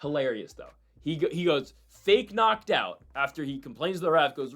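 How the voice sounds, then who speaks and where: A man casually breaking down MMA fights and predictions, rambling and excitable with frequent asides. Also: fairly high pitch, moderate pace, few pauses, faint music behind.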